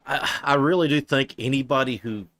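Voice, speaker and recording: A man streaming, reacting to a clip with sarcastic, profane, flatly delivered commentary. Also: medium pitch, normal speed. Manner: flat deadpan delivery.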